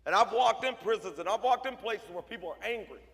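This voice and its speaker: A man with a high-pitched voice delivers a motivational speech at a school assembly, firing short punchy lines and teasing the students in front of him. His voice carries a long reverb from the large hall. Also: animated, fairly quick, a bit bright. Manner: punchy, joking, talks straight to the crowd. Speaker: motivational speaker.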